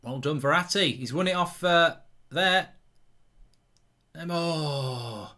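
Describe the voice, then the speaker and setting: A man in his thirties hosting a football watchalong, reading viewer messages aloud and commentating the match as it happens, getting loud and excited in big moments. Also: a little high, slow, pauses often. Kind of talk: live match commentary and chat.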